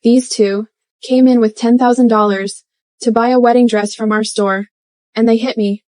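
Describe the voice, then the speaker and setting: An actress playing a rude, snobbish young shop clerk, contemptuous and fawning, in an English drama dub. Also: female voice, fairly high pitch, steady tone, moderate pace, dark tone, no room sound, lightly acted.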